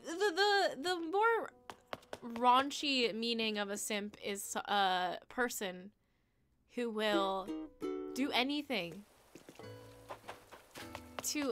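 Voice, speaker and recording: A young woman streamer with a medium-pitched voice talks slowly, leaving long pauses, as she plays a game. Her casual chat is rambling and giggly, full of self-teasing, with game music in the background.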